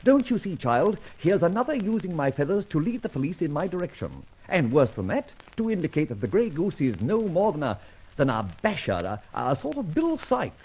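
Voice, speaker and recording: An actor playing a suave, proud gentleman thief, theatrical and wry, quick to indignation, in a 1940s-style radio drama. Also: a little high, big pitch swings, slightly rough, exaggerated voice. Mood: indignant. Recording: dull old radio recording.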